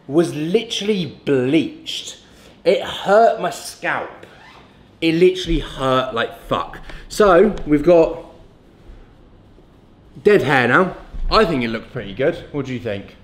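A young man, a fitness coach, chatting casually in a vlog, joking and swearing freely. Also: a little high. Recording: echoey room.

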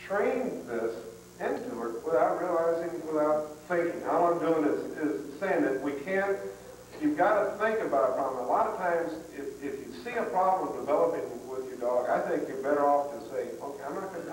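This man's voice is a little high and expressive, at a normal speed, with slight background noise. He's giving a live dog training seminar in a plain, folksy manner full of restarts. The 1990s tape captures him distantly in an echoey hall.

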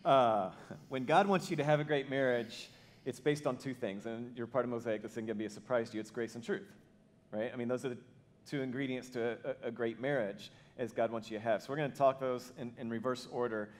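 A man preaching as pastor alongside his wife, telling stories in an animated way. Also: mid-range voice, a little fast. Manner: animated storytelling, acts out voices. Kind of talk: sermon with spouse. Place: church auditorium.

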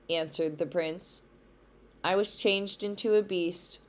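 A woman teacher reading a storybook aloud for a lesson, slow and careful. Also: on the low side. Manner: slow, careful read-along pace.

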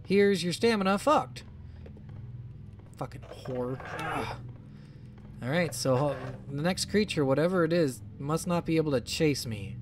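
A man playing a horror game and commenting out loud, frantic and full of swearing as he talks to himself. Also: a little high, moderate pace, a little hiss or hum. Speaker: gamer.

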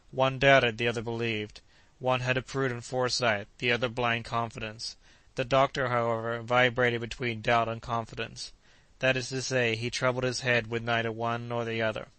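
A man reading an audiobook with a smooth, bright voice. His delivery is measured and fairly flat in pitch, and the recording is dry and close. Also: dry recording, low-quality recording. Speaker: audiobook narrator. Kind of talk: scripted narration.

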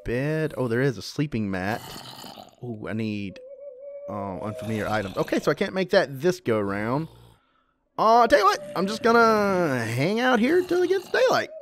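A man's voice: a little high, big pitch swings, moderate pace, noisy background. A man giving casual, chatty commentary while playing a video game, often yelping when startled. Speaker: let's play gamer.

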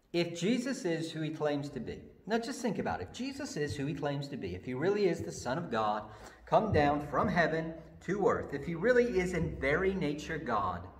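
A man preaching a sermon in a chapel, telling the story with animated, conversational energy. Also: on the high side. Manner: lively storytelling, acts out the Bible characters. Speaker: pastor. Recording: long hall reverb.

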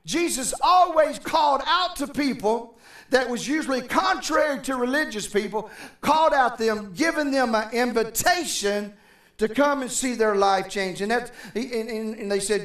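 High-voiced preaching pastor, roomy church. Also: male voice, normal speed, fairly bright tone, distant mic. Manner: preacherly, conversational, calls out to the congregation. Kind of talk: sermon. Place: church sanctuary.

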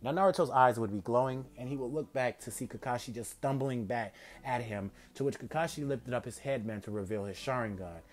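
Man narrating fan fiction, loose and rambling, average pitch. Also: brisk, few pauses. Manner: rambling, filler-heavy, self-correcting. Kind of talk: casual spoken retelling of a fan story.

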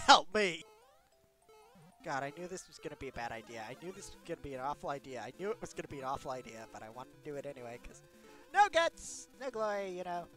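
A man's voice: a little high, big pitch swings, fast talker, faint music behind. A man streaming himself playing his own levels, yelping, screaming and laughing at each mishap. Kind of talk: let's-play reactions.

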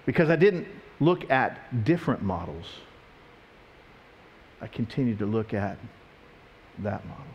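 A man's voice: on the low side, a little slow, pauses often, highs cut off, a little hiss or hum. A pastor preaching a sermon, telling stories and asking his congregation questions. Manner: animated storytelling, questioning the congregation.

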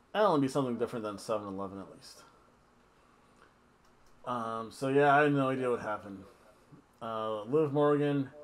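A man hosting a casual wrestling review, talking in a rambling, offhand, jokey way with asides. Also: medium pitch. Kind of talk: casual wrestling recap chat.

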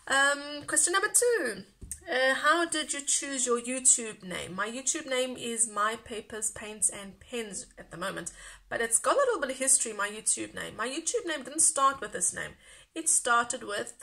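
A woman's voice: a little high, vocal fry, pushed and bright. A woman from South Africa with a light South African accent, chatting casually and rambling in a craft vlog, laughing often. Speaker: craft YouTuber.

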